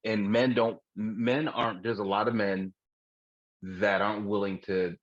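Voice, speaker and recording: A man's voice: fairly low pitch, steady tone, unhurried, long pauses, no echo. A man in his forties, co-hosting a podcast in candid comedic chat, frank and profane, often laughing at his own jokes. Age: 40s. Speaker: podcast co-host. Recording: dull dry lo-fi recording.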